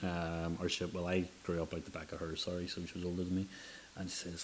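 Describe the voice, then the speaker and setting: A man with a very deep voice hosts a casual chat, swearing freely as he tells his stories. A faint hiss runs under the recording. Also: fast. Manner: sweary, animated storyteller. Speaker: podcast host.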